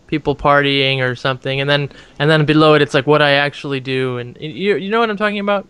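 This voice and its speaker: A man hosts a podcast in easy conversation and breaks in with his own asides. His voice is smooth and resonant. It sits a little high for a man. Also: fast talker, pushed and bright. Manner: chatty, interjecting, uses "like" often. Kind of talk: casual chat.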